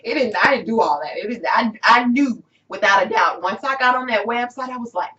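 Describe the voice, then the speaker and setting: A woman guest in a casual interview, sharing a personal testimonial. Her telling grows animated and excited as she goes. She sounds set back from the mic, and the recording is dull. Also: fairly high pitch, a little fast, recorded from a distance. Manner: animated storytelling that rises into excitement.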